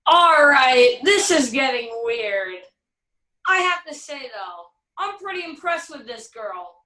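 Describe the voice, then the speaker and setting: A woman's voice: sits high, big pitch swings, takes it slowly, pushed and bright, full character voice. A woman playing a dry, teasing narrator who tells the tale her own way in a filmed stage play. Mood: storytelling. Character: wry, unbothered female storyteller who bends the tale. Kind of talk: theatre acting in a filmed virtual production. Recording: roomy sound, far from the mic.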